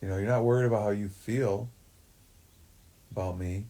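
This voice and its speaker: A man's voice: lowish voice, fairly even intonation, moderate pace, warm tone. A man talking in a rambling, profane way, full of fillers, in a livestream monologue. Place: forest shack.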